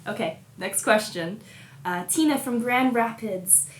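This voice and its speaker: A woman's voice: a little high, measured pace, reverberant, a little hiss or hum. A young woman from Colorado, a musician, chatting casually and answering fan questions with bubbly giggles and plenty of fillers, talking from a hotel room. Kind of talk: casual chat.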